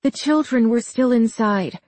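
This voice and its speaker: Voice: medium pitch, a little slow, darkish tone, dry recording, voice pushed up, lightly acted. A narrator voicing a frightened young woman whose voice shakes. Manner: shaky, faint and strained.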